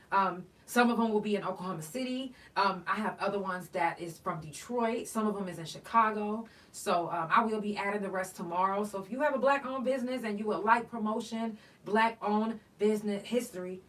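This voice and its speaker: Animated woman storyteller, off-mic. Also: medium pitch, recorded from a distance, poor audio. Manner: animated storytelling, swearing, acting out texts. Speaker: podcast host. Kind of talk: casual solo chat.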